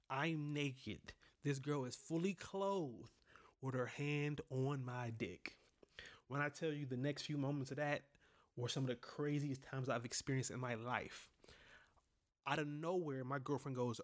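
Profane young man telling his own story. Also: a little high. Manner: candid, profane, talks straight to listeners. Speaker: podcast host telling personal stories. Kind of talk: casual storytelling monologue.

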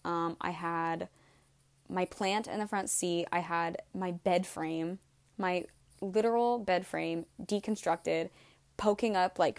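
Twenty-something girl vlogging, kinda low voice, rambles and swears a lot. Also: vocal fry. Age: 20s. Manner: rambling, swears freely, heavy use of "like". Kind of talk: casual storytelling vlog.

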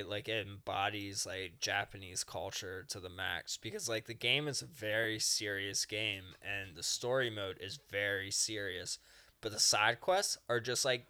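A man in relaxed podcast chat, telling a long rambling story with quick asides. His voice is bright and forceful, and his sound is smooth and crisp. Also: lowish voice. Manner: rambling storyteller, acting out game characters in passing. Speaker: podcast co-host. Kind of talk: casual chat.

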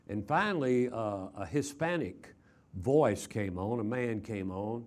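Older guy from texas preaching in chapel, folksy, lots of uh's and repeats, middle pitch. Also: expressive, slow pace, a little mellow. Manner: folksy, repeats words, many uh fillers. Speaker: traveling preacher. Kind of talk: chapel sermon with storytelling.

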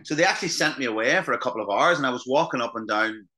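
An Irish actor chatting as a podcast guest, telling anecdotes in a loose, swearing conversational way. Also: male voice, medium pitch, animated, very fast, sharp tone. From Ireland. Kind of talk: casual podcast chat.

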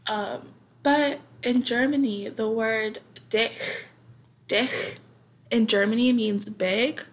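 A young woman from the United States hosts her own podcast, telling casual stories in a chatty, rambling style full of fillers and asides. Her voice is a little high with fairly even intonation, and she takes her time.

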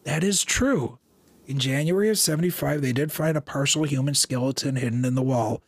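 A man in casual chat, telling lively stories about a house and acting out the voices of the people in them. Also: medium pitch, brisk, slightly rough, dry recording. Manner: animated, acts out quoted dialogue, many restarts.

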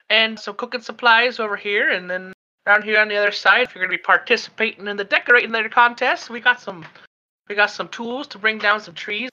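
Brief: a man playing a huffy, folksy old shop lady, high sing-song voice, lo-fi sound. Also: pushed and bright. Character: plump old human shopkeeper woman, folksy and huffy. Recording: dull lo-fi sound.

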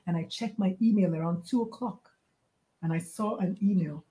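A woman's voice: on the low side, moderate pace, reverberant. A woman from Nigeria, a pediatrician and life coach, telling stories as a podcast guest and acting out the voices of the people in them. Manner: acts out quoted voices, emphatic and expressive. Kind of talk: animated storytelling in conversation.

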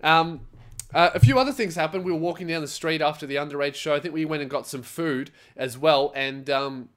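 A man's voice: fairly high pitch, fairly quick. A young man hosting his own comedy podcast, rambling and swearing freely as he tells stories. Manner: swearing, rambling, animated storytelling. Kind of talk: casual solo podcast monologue.

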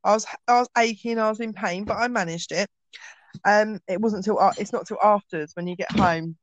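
A woman's voice: mid-range voice, fairly quick, dry recording, lo-fi sound. Woman in her 30s, chatty, lots of ums, dry close sound. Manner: chatty, acts out dialogue, frequent ums. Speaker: guest. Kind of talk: personal storytelling.

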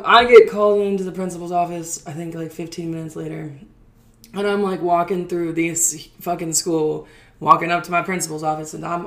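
A young woman co-hosting a podcast, telling a story in a casual, animated and profane way while acting out what people said. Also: lowish voice. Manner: animated, profane, acts out quotes. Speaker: podcast co-host.

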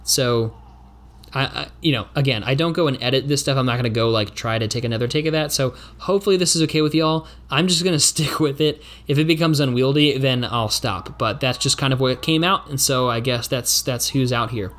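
A man's voice: mid-range voice, brisk, a bit bright. A man from the United States narrating and thinking aloud through a solo tabletop game, with many fillers and restarts.

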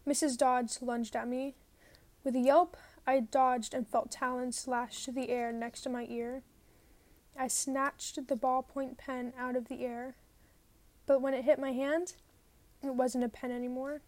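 Lady reading a novel out loud, slow and unhurried, lively storytelling. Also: sits high, dry recording. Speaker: reader.

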